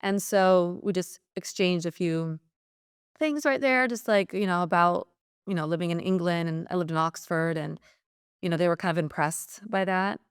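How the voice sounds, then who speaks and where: Hesitant woman with a smooth, low voice. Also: moderate pace, no room sound, studio quality. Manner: hesitant, many fillers and restarts. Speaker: interview guest. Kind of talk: personal account in conversation.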